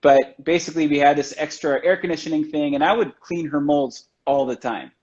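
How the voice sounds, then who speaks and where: Guest chocolatier, male, slightly high voice, rambling and friendly storytelling, muffled stream sound. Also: a little fast, darkish tone. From United States. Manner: chatty, loose, heavy on "like" and "you know". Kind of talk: casual storytelling chat. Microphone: video call from home. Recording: dull lo-fi livestream audio.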